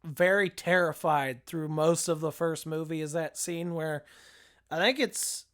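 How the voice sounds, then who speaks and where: A man's voice: on the high side, unhurried, a bit bright. A man co-hosting a podcast, chatting casually about horror films with frequent restarts and fillers. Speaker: podcast co-host. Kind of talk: casual film discussion.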